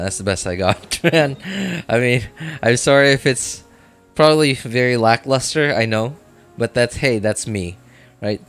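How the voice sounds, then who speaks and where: A man's voice: medium pitch, clear, resonant tone. A man chatting casually on a gaming live stream, rambling and self-deprecating, full of fillers like "like" and "uh". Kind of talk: casual live-stream chat while playing.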